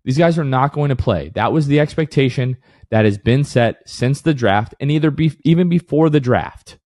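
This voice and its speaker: A man's voice: mid-range voice, normal speed, a little mellow, no echo, clean studio sound. A man co-hosting a casual sports podcast who rants with heat, then apologizes for it half in jest. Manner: heated, ranting, then mock apologetic. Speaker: podcast co-host.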